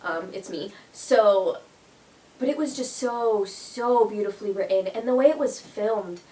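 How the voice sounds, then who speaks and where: A woman's voice: medium pitch, measured pace, mellow. Gushing young woman vlogger, slightly distant mic. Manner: gushing, emotional, lots of "like" and "oh my goodness". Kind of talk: casual chat.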